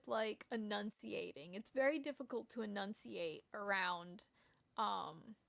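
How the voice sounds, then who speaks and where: A woman's voice: fairly high pitch, gravelly, dry recording. Woman, Rhode Island accent with Southern tinge, lisp, rambling streamer chat, dry close sound. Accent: Rhode Island mixed with Southern US. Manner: rambling, self-deprecating, many restarts. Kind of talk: casual gameplay chat.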